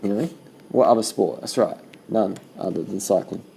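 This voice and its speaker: Gravelly low-voiced man, casual race chatter. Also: a little fast, slight background noise, low-quality recording. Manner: swears freely, talks in loose animated bursts. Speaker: cycling vlogger commenting on race footage. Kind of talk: casual reaction commentary.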